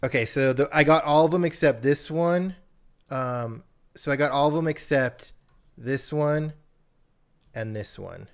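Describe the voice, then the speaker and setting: Gravelly man explaining his cleric's turn. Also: a little high. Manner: halting, explains rules aloud with fillers. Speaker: player, cleric. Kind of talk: casual tabletop game chat.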